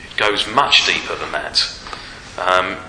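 A male preacher giving a Sunday sermon, asking rhetorical tag questions and pausing on fillers, in a church hall with a long reverb. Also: deep voice, bright, forceful tone. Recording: roomy hall reverb, faint noise.

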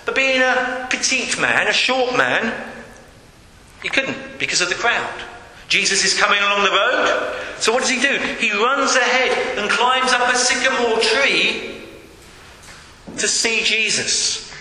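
A man's voice: extremely high pitch, measured pace, pushed and bright. A man preaching an earnest sermon, rising into calls and appeals, in a church hall. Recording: echoey hall with long reverb.

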